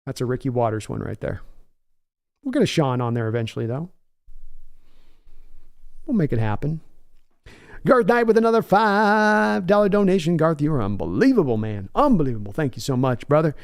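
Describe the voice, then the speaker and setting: A man's voice: on the high side, sing-song, moderate pace, gravelly, pauses often. A man hosting a sports livestream in a casual, enthusiastic and rambling way, often restarting his words. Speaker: sports podcast host reading live chat.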